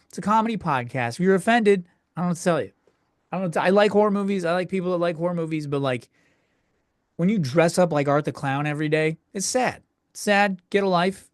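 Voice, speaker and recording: A man's voice: high voice, quick pace, dry recording, clean studio sound. A young man hosting a solo comedy podcast, ranting crudely and exasperatedly from home with frequent self-interruptions. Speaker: podcast host.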